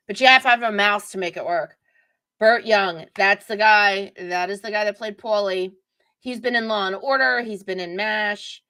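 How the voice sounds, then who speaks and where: A woman's voice: medium pitch, pushed and bright. A middle-aged woman hosting a live stream, chatting casually and digressively while reading viewer comments.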